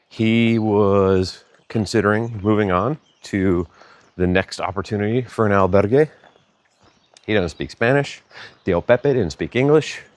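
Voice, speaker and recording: A man's voice: fairly low pitch, no room sound. A man vlogging as he walks, telling a chatty, rambling story and correcting himself along the way. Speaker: vlogger walking a pilgrimage route. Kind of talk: casual storytelling to camera.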